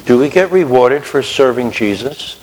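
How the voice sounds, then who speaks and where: A pastor preaches a sermon in a conversational style, frequently putting questions to his listeners. His voice is medium-pitched and darkish, with lively intonation at a moderate pace, and the recording carries the long reverb of a hall.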